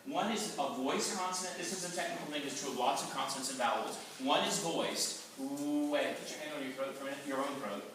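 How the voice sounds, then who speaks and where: A man leads a choir workshop and playfully demonstrates sounds for the singers to copy. His voice sits a little high. It is caught from far off in a very echoey hall over loud background noise. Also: fast, hardly any pauses. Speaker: choir clinician. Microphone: distant camera mic.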